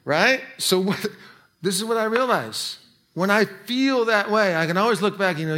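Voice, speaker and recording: Male pastor preaching, casual asides, voice sits a bit high. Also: expressive, pushed and bright. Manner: conversational preaching with quick asides. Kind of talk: sermon.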